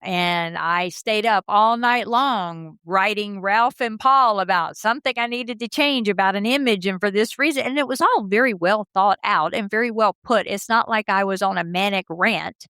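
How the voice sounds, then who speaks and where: A woman co-hosts a podcast, chatty and lively, moving easily from one anecdote to the next. Her voice is at a medium pitch, and the sound is dry and close to the mic, with no reverb. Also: moderate pace, hardly any pauses, smooth. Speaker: podcast co-host. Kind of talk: casual podcast chat.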